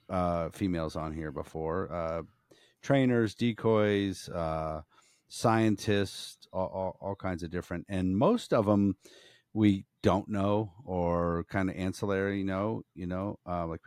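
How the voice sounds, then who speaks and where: A man hosting a podcast, rambling and halting, with plenty of swearing. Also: low voice, darkish tone, no echo, clean studio sound. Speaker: podcast host. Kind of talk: casual podcast chat.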